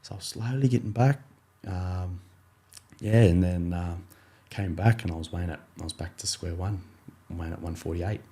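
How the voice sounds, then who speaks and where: A man's voice: deep voice, normal speed, dark tone. A young Australian man, a rugby league player, telling his story in a casual interview, rambling with many fillers and acting out his coach's words.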